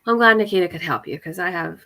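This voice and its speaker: Young woman chatting on a call, bright voice, bit of vocal fry, lots of "like" and laughs. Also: fairly low pitch, quick pace. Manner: chatty, many fillers and laughs. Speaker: readathon participant. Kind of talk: casual video-call chat.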